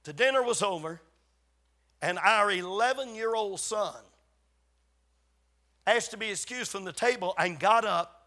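A man's voice: high-pitched, measured pace, pauses often, pushed and bright. An older man, a pastor, preaching a sermon and telling stories, acting out quoted conversations with emphatic repetition. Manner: storytelling, acts out quoted dialogue with emphatic repetition.

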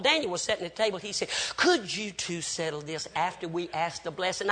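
An older man, preaching a sermon and telling family stories, swinging from shouts to hushed tones. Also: high voice, fairly quick, few pauses, a little hiss or hum. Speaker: pastor.

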